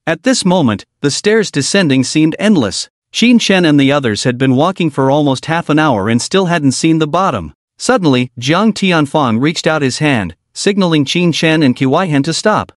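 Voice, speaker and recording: A man's voice: a little high, animated, moderate pace, few pauses, dry recording, clean studio sound. A man narrating a comic story recap in scripted storytelling style.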